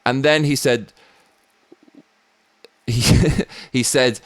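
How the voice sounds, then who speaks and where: A British man hosts his own show, offering blunt political commentary laced with swearing and rambling asides. His voice is medium-pitched with fairly even intonation, and he speaks very slowly in a recording with no echo.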